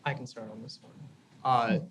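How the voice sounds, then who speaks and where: A man's voice: medium pitch, level tone, moderate pace, a little hiss or hum, low-quality recording. A man from the United States speaking as a panelist, explaining in a conversational way and often checking in with "right?". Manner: conversational, explanatory, tag questions. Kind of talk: panel discussion.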